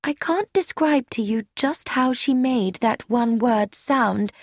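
A woman's voice: on the high side, slow, no echo, studio quality. A woman reading a young woman's chatty, earnest letter aloud in an audiobook. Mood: confiding. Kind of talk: scripted narration.

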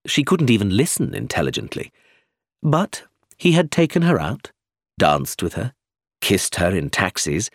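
A man narrating an audiobook chapter in an expressive, dramatic storytelling manner. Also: mid-range voice, husky, dry recording, studio quality. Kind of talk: scripted narration.

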